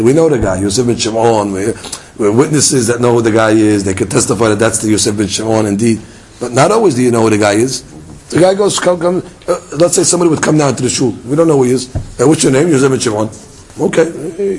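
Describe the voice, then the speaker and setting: A man's voice: mid-range voice, slightly rough, low-quality recording. A man teaching a Talmud lesson, acting out little dialogues and firing rhetorical questions at his listeners. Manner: lively, acts out dialogue and fires rhetorical questions.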